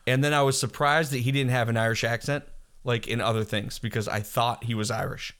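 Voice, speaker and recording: A man's voice: mid-range voice, brisk. A man in his thirties from the Boston area, with a slight Boston accent, co-hosting a casual chat and rambling with lots of ums. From Boston area, USA. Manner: rambling, many ums, lively retelling. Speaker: podcast co-host.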